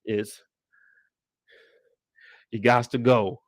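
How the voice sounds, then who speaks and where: A young man giving a casual live recap of a TV episode, talking in animated, slangy, profane banter. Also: mid-range voice, very slow, no echo, studio quality. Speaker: show recap host.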